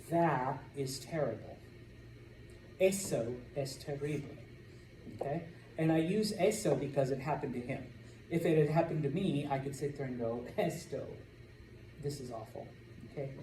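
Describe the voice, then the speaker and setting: Male language teacher, mellow voice, classroom lecture, distant mic with light room noise. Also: medium pitch. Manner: lively, repeats "okay?" to check understanding. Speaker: Spanish teacher. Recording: echoey classroom from far off.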